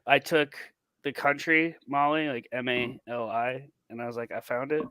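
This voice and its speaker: Man, co-host, bright dry voice, halting casual delivery. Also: mid-range voice, steady tone, smooth, no echo. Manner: hesitant, halting, lots of fillers. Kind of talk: casual chat.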